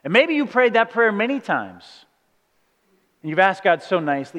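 A man's voice: high-pitched, lively intonation, fairly quick, fairly bright tone. A man preaching a sermon as pastor, talking in an earnest, conversational way full of rhetorical questions. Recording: long hall reverb.

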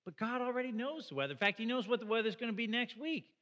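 A man's voice: very high voice, animated, fast talker, pushed and bright, in a large hall. A middle-aged man preaching a sermon as pastor, in a conversational way that asks the listeners questions. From Canada.

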